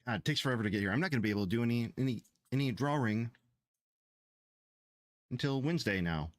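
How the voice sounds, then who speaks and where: A man's voice: mid-range voice, fast talker, long pauses, dry recording. A man streaming his game development, chatting casually in a rambling, profane, exasperated way. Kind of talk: casual livestream chat.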